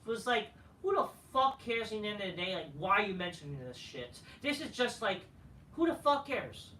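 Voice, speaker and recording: A woman's voice: mid-range voice, sing-song, normal speed, a bit bright, slight background noise. A woman hosting a wrestling show review, ranting in a crude, sarcastic, heated way. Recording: echoey room, far from mic.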